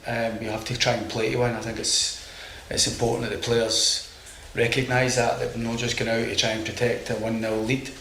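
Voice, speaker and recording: A football manager giving measured, steady press conference answers with frequent ums. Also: male voice, mid-range voice, slight background noise. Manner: measured, steady, says um often. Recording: roomy clip with faint ambience.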